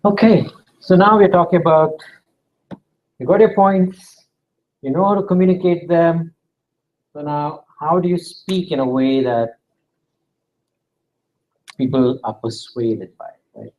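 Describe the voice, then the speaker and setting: A man's voice: fairly high pitch, measured pace, pauses often, dull audio. A man teaching a class, walking students through an exercise and drawing them in. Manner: interactive, coaxing students to take part. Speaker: instructor. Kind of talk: classroom lecture.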